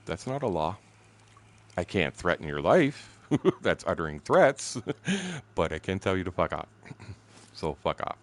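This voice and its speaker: A man's voice: sits low, big pitch swings, a little slow, long pauses, slight background noise. Blunt, foul-mouthed man in his sixties. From Canada. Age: 60s. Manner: profane, blunt, laughing storyteller. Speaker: streamer telling a story. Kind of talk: casual storytelling chat.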